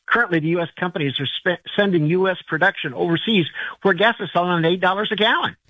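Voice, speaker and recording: A man's voice: high voice, quick pace, dry recording. A man calling in to a radio show who sounds urgent and insistent. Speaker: caller. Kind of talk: call-in radio talk. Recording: muffled phone line.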